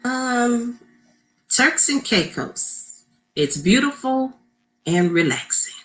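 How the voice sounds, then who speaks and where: Slow, bright-voiced woman. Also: fairly high pitch, sing-song. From Louisiana. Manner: slow, cheerful, laughs easily. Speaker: school principal, guest. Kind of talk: casual interview.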